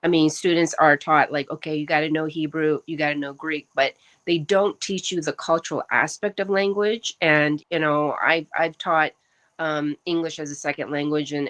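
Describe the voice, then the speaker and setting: A woman with a very low voice hosts a casual discussion. She explains her points earnestly and fills pauses with frequent ums. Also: fairly bright tone, poor audio. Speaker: host.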